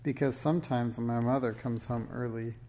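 A man reading aloud, putting on the raised, excited voice of a hopeful young witch girl in a storybook. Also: medium pitch, normal speed, a little hiss or hum, lightly acted. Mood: eager.

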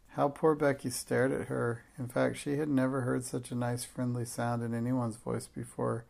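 Gravelly male audiobook narrator. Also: medium pitch, little pitch movement, normal speed, few pauses, darkish tone.

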